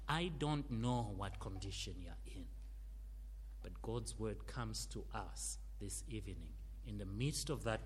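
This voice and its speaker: A man preaching a sermon, stressing his words forcefully and then dropping to hushed phrase endings. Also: on the low side, slight background noise. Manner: emphatic, swinging from loud stresses to hushed endings. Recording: long hall reverb.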